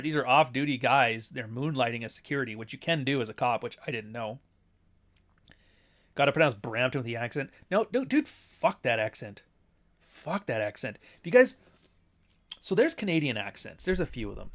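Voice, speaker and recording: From his home near Toronto, a man who is a host and author runs a casual livestream chat, rambling bluntly and swearing often. His voice is medium-pitched and a bit bright.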